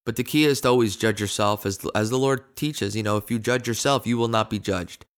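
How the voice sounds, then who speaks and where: Co-hosting a conversational Bible discussion for a ministry, a man speaks earnestly and affirmingly and reads scripture aloud. His voice is lowish and a little fast.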